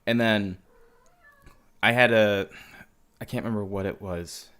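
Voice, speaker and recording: A young man tells profane, animated stories as a guest in a casual podcast chat. His voice sits low for a man. A cat is sometimes heard in the background. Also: measured pace, clean tone.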